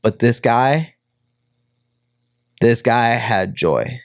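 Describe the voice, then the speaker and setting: A man's voice: medium pitch, expressive, extremely slow, creaky, no echo, studio quality. A man from Minnesota, a pro fighter, telling his personal story as a guest, full of "like" fillers and acted-out quotes. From Minnesota, USA. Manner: heavy "like" fillers, acts out quotes.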